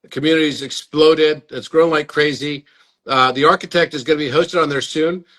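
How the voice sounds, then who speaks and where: A man's voice: a little high, steady tone, normal speed, fairly bright tone. A man hosting a live stream chat, earnest and inviting, often repeating words as he talks. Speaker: host. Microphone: phone or webcam on a live stream.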